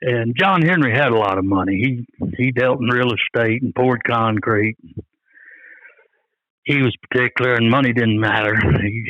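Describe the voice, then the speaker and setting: An older man, a coon hunter and interview guest, tells rambling, folksy stories, often quoting what others said. His voice is medium-pitched, and the recording is dry and lo-fi.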